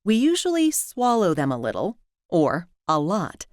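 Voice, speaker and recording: American woman, pronunciation teacher, slow careful delivery, lively lilting pitch, dry close sound. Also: no echo. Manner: clear, careful enunciation of example words. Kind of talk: scripted instructional narration.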